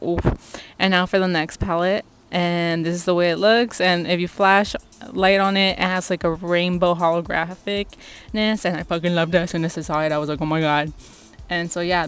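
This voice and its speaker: A young woman vlogger casually reviewing makeup, gushing and excitable and swearing freely. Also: lowish voice, clear, resonant tone. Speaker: beauty vlogger.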